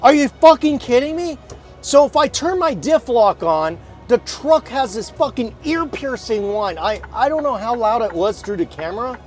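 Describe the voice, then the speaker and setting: A man with a high, lively voice narrates his gameplay live, cursing freely as things go wrong. His talk swoops up into sharp outbursts and back down. Game music plays clearly behind him. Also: normal speed, few pauses. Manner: swears often, exasperated outbursts. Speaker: streamer.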